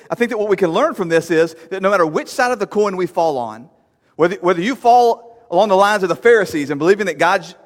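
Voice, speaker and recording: High-voiced man preaching in a reverberant hall. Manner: conversational, emphatic preaching with rising peaks. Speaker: pastor. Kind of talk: sermon. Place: church sanctuary.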